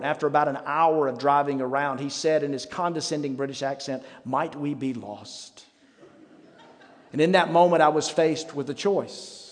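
A middle-aged man preaching a sermon as pastor, conversational and self-mocking, with dramatic pauses. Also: a little high. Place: church sanctuary. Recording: reverberant church hall with faint music.

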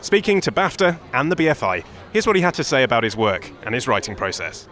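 Lightly joking podcast host. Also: male voice, mid-range voice, big pitch swings, fast talker, a bit bright. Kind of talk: scripted presenting.

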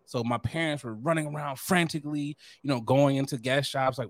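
A young man co-hosting a podcast in casual chat, animated, laughing often and acting out quotes. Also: on the high side, fast, hardly any pauses, dry recording. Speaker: podcast co-host.

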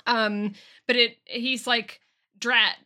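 A woman co-hosting a podcast in a relaxed, wry casual book discussion. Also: a little high, measured pace. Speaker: podcast co-host.

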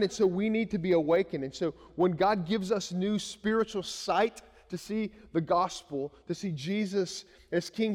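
A man's voice: high voice, darkish tone, big-room sound. A male pastor in his thirties, preaching a conversational sermon full of anecdotes and restarts. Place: church sanctuary.

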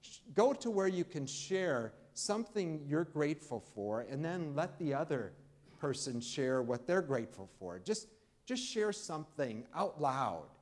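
A man's voice: on the high side, very animated. A man preaching a Sunday sermon, talking to the congregation in an easy, conversational way and leaning hard on key words. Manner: preaching, warm conversational pauses, emphatic rises. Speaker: pastor. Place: church.

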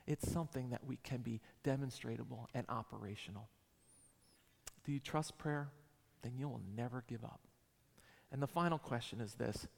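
Gravelly man preaching in a reverberant hall. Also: medium pitch, a little mellow. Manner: emphatic, repetitive preaching cadence. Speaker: pastor. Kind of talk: sermon.

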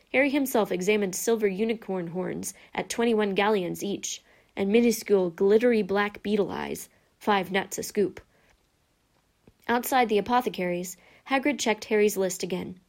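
A woman narrating a children's fantasy book with steady, measured reading. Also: medium pitch. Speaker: audiobook narrator. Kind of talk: scripted narration.

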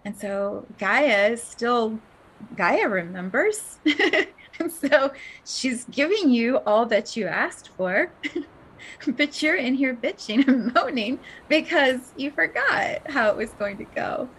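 A woman hosting a spiritual podcast, talking in a dreamy, breathy way with frequent laughs and soft whispered asides. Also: on the high side, animated, takes it slowly, poor audio. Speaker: podcast host.

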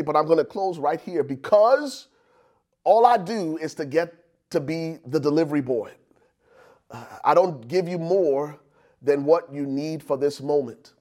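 A male pastor preaching a sermon, building to shouted climaxes and calling out to the congregation. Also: fairly high pitch. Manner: preaching with swelling shouted climaxes and call-outs. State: out of breath.

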